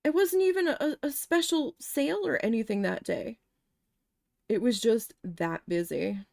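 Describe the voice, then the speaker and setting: A woman with a raised, fry-laden voice tells a long, candid story as she paints. She talks casually, swears freely and corrects herself as she goes. Her voice is recorded close and dry, with almost no room sound. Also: on the high side, measured pace, darkish tone, no room sound. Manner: candid, profane, rambling with self-corrections. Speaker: art vlogger recalling a retail cashier job.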